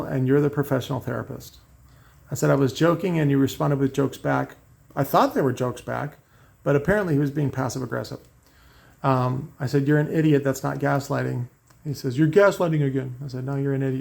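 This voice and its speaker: A man's voice: medium pitch, vocal fry, darkish tone. A man talking in a rambling, profane monologue, reading out messages and restarting his sentences often. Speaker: car audio maker and host. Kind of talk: casual ranting monologue.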